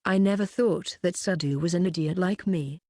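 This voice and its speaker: A woman voicing a loud, careless teenage schoolboy who talks in a brash, sarcastic way. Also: on the low side, moderate pace, no room sound, clean studio sound, lightly acted.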